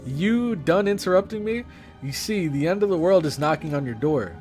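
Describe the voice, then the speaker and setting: A hot-headed young woman monk lectures a king with loud, emphatic indignation, as a man reads her lines. The voice sits a little high and pushes hard on the stressed words. Soft music plays in the background. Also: expressive, normal speed, close to an everyday voice. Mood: scolding. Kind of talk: reading game dialogue aloud.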